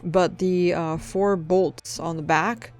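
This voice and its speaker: A woman's voice: lowish voice, fairly even intonation, takes it slowly. A woman chatting casually in a car repair vlog, rambling with jokey asides. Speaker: DIY car repair vlogger. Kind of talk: casual chat. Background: background music.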